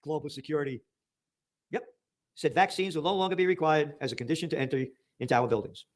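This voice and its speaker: An American man with a fairly high, racing voice hosts a political commentary show. He reads news headlines aloud and rants about them, breaking into sarcastic, emphatic outbursts.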